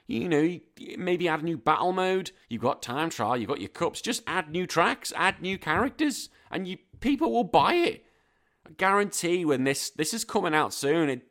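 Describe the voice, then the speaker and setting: Swearing, ranting British podcast host. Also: male voice, on the high side, a little fast. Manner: ranting, swears freely, animated. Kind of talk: casual podcast chat. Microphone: podcast microphone.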